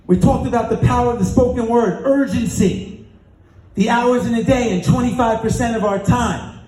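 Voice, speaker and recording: A man's voice: extremely high pitch, normal speed, warm tone. A man giving a motivational speech on a conference stage, telling a story with acted-out dialogue and call-and-response chants. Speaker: keynote speaker. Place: large conference hall on stage. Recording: echoey hall with music.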